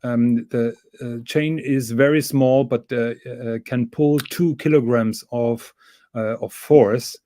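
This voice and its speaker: A man's voice: mid-range voice, fairly even intonation, takes it slowly, warm tone, no room sound. A man explaining things carefully and patiently on a livestream, with some fillers. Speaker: guest on a watch livestream. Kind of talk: casual livestream chat.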